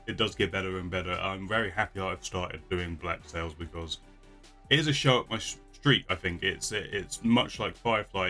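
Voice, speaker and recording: Casual male vlogger, deep and bright-toned, talks in loose rambling asides. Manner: chatty, rambling with frequent restarts and laughs. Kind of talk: casual chat.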